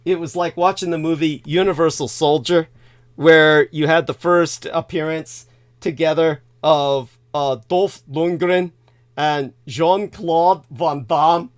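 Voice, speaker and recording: A man's voice: fairly high pitch, fairly even intonation, takes it slowly. A man hosting a live stream, rambling and profane, laughing often as he reads donations. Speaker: show host. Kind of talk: casual live-stream chat.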